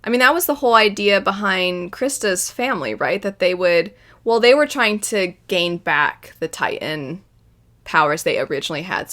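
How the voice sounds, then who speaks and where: Bright-voiced young woman, animated talk. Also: lowish voice. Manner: animated, bursts into loud exasperated outbursts. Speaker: anime reaction host. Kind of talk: casual spoken commentary.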